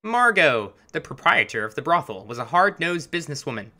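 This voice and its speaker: A man's voice: a little high, very animated, fairly quick, bright, forceful tone. A man hosting a let's play, chatting wryly over gameplay while getting over a chest cold. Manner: chatty, wry. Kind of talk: casual gameplay commentary. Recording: voice over game music.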